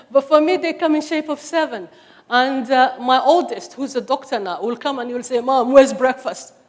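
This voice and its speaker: A woman's voice: sits high, measured pace, pauses often. Somali-accented woman speaking in a reverberant hall. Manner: earnest and emphatic, with humorous asides. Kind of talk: personal testimony talk. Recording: long hall reverb on stage.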